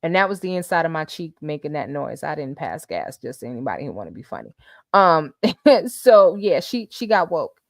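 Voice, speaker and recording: A woman hosting a casual live stream, reading messages and viewer comments aloud with animated, laughing commentary. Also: low-pitched, moderate pace, no room sound, clean studio sound.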